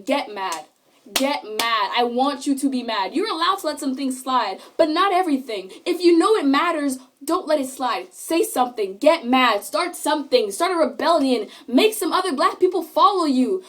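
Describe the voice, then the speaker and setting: A young woman in her late teens, a high school student, delivering an emphatic, indignant vlog rant into a phone camera and repeating herself for emphasis. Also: fairly bright tone.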